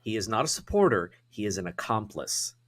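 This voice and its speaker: A man on a casual talk show, speaking deliberately and emphatically. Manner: deliberate, emphatic, lively pitch. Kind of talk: casual chat.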